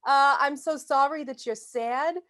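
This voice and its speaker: A woman's voice: sits high, unhurried, a bit bright. A woman playing a motherly older fighter in a tabletop game, cooing pet names and fussing over a sad young man. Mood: doting. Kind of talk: tabletop role-play in character.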